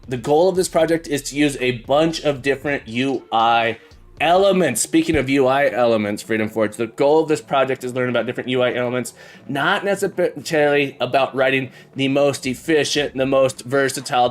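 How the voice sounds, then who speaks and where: A man teaching programming on a live stream, chatting casually and joking as he greets viewers by name. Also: medium pitch. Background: faint background music.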